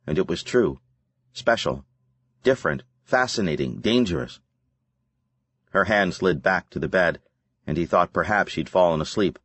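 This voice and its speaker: A man reading a dark novel aloud in a deep, low voice, measured and brooding. The recording is close and dry, with no room sound. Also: no echo. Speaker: audiobook narrator. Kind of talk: scripted narration.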